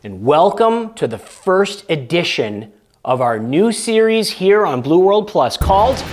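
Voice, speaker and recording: A man's voice: on the high side, darkish tone. A man hosting a casual vlog, explaining things in a chatty, conversational way with frequent fillers and restarts. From United States. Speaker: vlog host.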